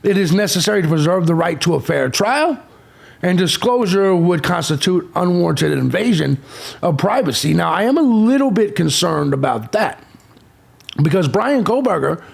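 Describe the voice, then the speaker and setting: A man's voice: high-pitched, expressive, normal speed, gravelly, slightly rough. A man hosting a true crime channel, ranting abrasively with insults and sarcasm. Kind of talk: profane ranting commentary.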